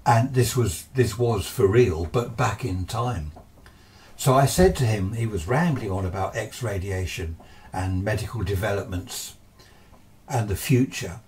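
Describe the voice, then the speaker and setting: A man with a fairly low voice recounting his ghostly experience as a casual spoken recollection. He often restarts and backtracks as he recalls details. The sound is a little distant from the microphone. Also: darkish tone. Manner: hesitant, with frequent restarts and asides. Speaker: ghost story narrator.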